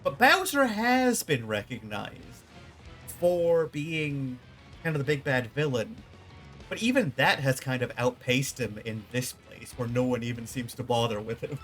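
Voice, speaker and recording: Chatty male streamer, bright voice, amused running commentary, soft game music under him. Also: mid-range voice, animated, unhurried. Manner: chatty and amused, thinking aloud. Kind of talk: casual gameplay commentary.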